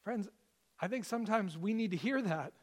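A man preaching a Sunday sermon as pastor, earnest and emphatic, slowing down to stress key phrases. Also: sits high, animated, darkish tone.

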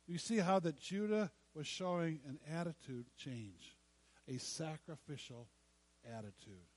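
Preacher man, higher voice, dramatic pauses. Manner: dramatic, acts out quoted lines with pauses and repetition. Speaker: pastor. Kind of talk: sermon.

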